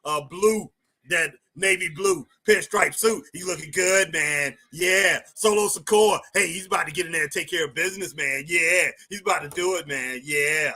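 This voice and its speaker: A man's voice: on the high side, normal speed, pushed and bright. A man hosting a casual live stream, chatting loosely and repeating himself as he answers viewers. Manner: chatty, repeats phrases, talks to chat viewers. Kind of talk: casual live wrestling chat.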